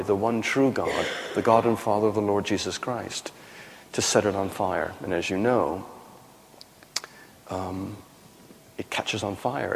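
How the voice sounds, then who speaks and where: A man's voice: lowish voice, vocal fry. A man, a pastor, teaching a session in a conversational style with frequent fillers and self-corrections. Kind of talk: teaching sermon. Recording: long hall reverb.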